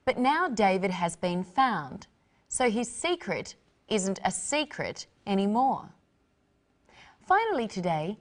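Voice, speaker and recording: Slow-speaking female English teacher presenter. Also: medium pitch. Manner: slow, explanatory. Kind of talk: scripted teaching narration.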